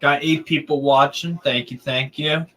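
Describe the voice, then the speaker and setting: A man streaming live football commentary, chatting casually with a friend between excited play-by-play calls. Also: fairly high pitch, moderate pace, low-quality recording.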